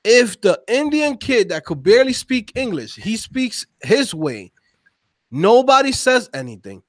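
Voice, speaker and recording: A man co-hosting a casual podcast conversation, talking in an animated, slangy, emphatic way. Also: extremely high pitch, unhurried, no echo, clean studio sound. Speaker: podcast co-host.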